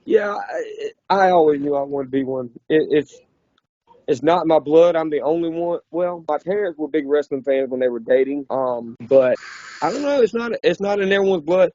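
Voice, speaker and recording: A man's voice: fairly high pitch, moderate pace, warm tone, dry recording. A man, a wrestler guest, talking candidly and emotionally in a casual interview. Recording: muffled lo-fi recording.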